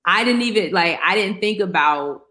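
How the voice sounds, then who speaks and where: A woman co-hosting a podcast in relaxed, casual chat, with a voice of middling pitch. She talks in slang and stresses her points, often saying a punchline two or three times over. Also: normal speed. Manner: emphatic, slangy, repeats lines for effect. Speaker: podcast co-host.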